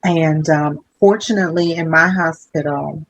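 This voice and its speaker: A woman hospital social worker, a guest in a conversational interview, explaining things in a measured way with some fillers. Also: deep voice, fairly even intonation, dull audio.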